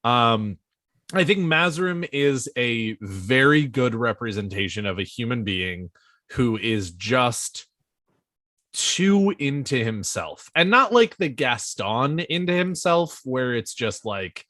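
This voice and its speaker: Male podcast co-host, casual and rambling, animated pitch, dry close sound. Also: slow pace, no room sound. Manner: animated, rambling with filler words and profanity. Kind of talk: casual book discussion.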